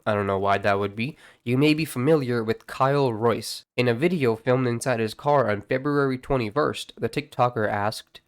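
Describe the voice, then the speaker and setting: A young adult YouTube commentator gives casual vlog commentary in a mid-range voice at a moderate pace with few pauses. His banter is profane and slangy, packed with filler words and lots of "bro" and "like."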